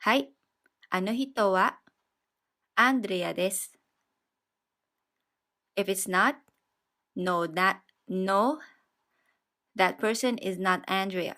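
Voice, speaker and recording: A woman teaches a beginners' language lesson at an unhurried, deliberate pace. Her voice sits at a middle pitch, and she repeats each example patiently. She explains every step clearly before moving on. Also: pushed and bright. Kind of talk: slow, step-by-step grammar lesson.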